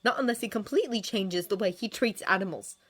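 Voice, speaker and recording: A woman's voice: mid-range voice, quick pace, husky, pitched above the performer's own voice. A woman reading a fanfiction story, voicing a fierce, defiant young woman who snaps back emphatically. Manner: sharp, snapping, emphatic.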